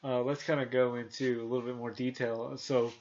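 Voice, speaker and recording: Thirties male host, casual movie chat, rambling delivery, mid-pitched voice, slightly dull recording. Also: level tone, a little fast, a little mellow. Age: 30s. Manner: rambling, many restarts and fillers, retells scenes. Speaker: podcast host.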